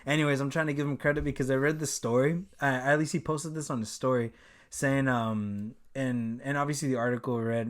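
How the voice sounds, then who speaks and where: Young male podcast host: relaxed, profane storyteller with lots of fillers. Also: medium pitch, fairly quick. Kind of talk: casual chat.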